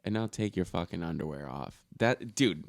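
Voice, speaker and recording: A man's voice: sits low, lively intonation, moderate pace, no echo. A young man co-hosting a podcast in casual banter, teasing, laughing and swearing freely. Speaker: podcast co-host.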